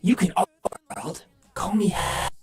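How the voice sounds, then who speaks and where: A woman voicing a glitchy male helper robot, eerily eager to help, in a breathy, broken game voice. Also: slow, darkish tone, reverberant, faint music behind, close to an everyday voice. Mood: eerie. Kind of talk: repeated game voice clip.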